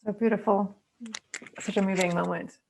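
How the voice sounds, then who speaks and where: A woman's voice: mid-range voice, steady tone, normal speed, creaky, noisy background. A woman host asking interview questions in an encouraging way.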